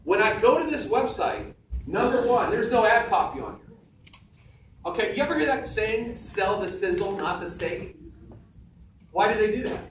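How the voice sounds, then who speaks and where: Man, high voice, emphatic stage talk, echoey room, distant mic. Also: lively intonation, normal speed. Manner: emphatic, punchy, repeats key phrases. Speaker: seminar speaker. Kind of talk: motivational sales talk on stage. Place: large room with audience. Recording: echoey room, far from mic, faint background noise.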